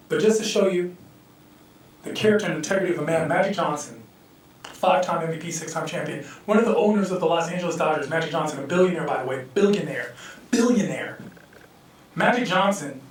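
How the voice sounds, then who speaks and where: Male stand-up, high voice, animated storyteller, echoey hall, distant mic. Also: fairly quick, a little hiss or hum. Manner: loose, animated storytelling, acts out quotes. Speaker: stand-up comedian. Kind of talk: stand-up comedy set. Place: live comedy venue.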